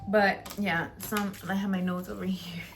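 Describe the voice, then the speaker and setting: A woman's voice: mid-range voice, normal speed, music in the background. Ranting woman vlogger, casual and blunt. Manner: animated and ranting, swearing, laughing at herself. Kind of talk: casual chat to camera.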